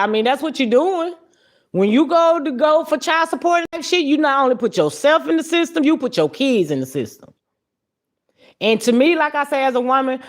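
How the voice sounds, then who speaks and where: A woman hosting a live stream, reacting to clips and chatting with viewers in a blunt, profane, animated way. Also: medium pitch. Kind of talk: casual live-stream commentary.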